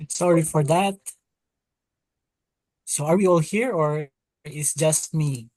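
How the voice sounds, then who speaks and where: A woman teaching a Hebrew lesson over a video call, slowly drilling syllables and explaining pronunciation. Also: low voice, expressive, a little mellow, no room sound. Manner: slow, careful drilling of syllables. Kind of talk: online language lesson.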